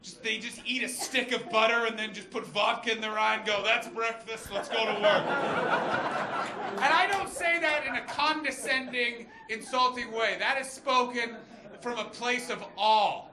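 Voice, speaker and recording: A man from Canada performing a stand-up comedy set on a club stage, loud and manic, shouting his punchlines. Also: extremely high pitch, fairly even intonation, moderate pace. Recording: echoey club with loud crowd laughter.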